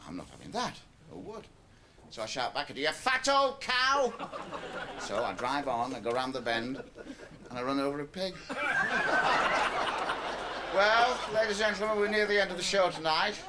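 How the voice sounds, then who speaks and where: A man's voice: a little high, lively intonation, brisk, crowd noise, lightly acted. An actor playing a cynical, middle-aged male stand-up comedian who talks in a chatty, lecturing way in a radio play. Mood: stand-up patter. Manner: chatty, lecturing, shifts into a club comedy routine. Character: aging male stand-up comic, cynical and wheedling.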